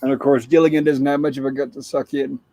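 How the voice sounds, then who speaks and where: A man's voice: mid-range voice, flat delivery, fast talker, dark tone, dry recording, low-quality recording. A man hosting a show, chatting casually as he retells the plot of an old TV episode. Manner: chatty, plain storyteller. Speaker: show host.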